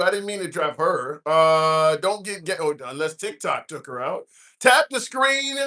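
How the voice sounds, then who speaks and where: A man's voice: high voice, pushed and bright. A man hosting a live-stream debate, repeatedly cutting in to restore order.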